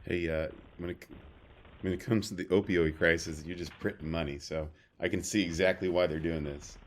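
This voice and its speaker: A man's voice: low-pitched, fairly even intonation, moderate pace. A man co-hosting a podcast, telling stories in a loose, rambling way. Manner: rambling storyteller, many fillers and restarts. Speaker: podcast co-host. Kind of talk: casual chat.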